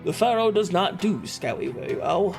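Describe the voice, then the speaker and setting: Animated high-voiced male streamer. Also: normal speed, creaky, faint music behind. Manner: animated, laughs a lot, swears. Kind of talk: casual live-stream chat.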